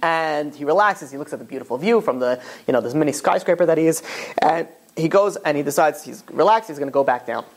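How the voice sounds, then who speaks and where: Fast-talking rabbi telling stories. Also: male voice, fairly high pitch. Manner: animated storytelling, casual filler-heavy talk. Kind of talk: Torah class lecture with storytelling.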